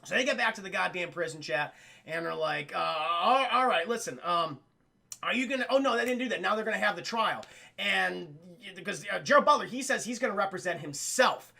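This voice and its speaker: A man streaming a casual spoiler film review, rambling and swearing as he keeps talking to his chat, tipsy and animated, from a home streaming setup. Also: high-pitched, brisk, gravelly. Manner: half-drunk, animated storytelling.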